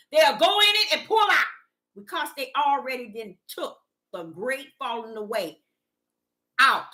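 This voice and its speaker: A woman delivers a fervent sermon in a high, bright voice. Her pitch leaps widely as she repeats lines in a rhythmic pattern. She swings between loud declarations and hushed, quick asides. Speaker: preacher. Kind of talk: impassioned preaching monologue.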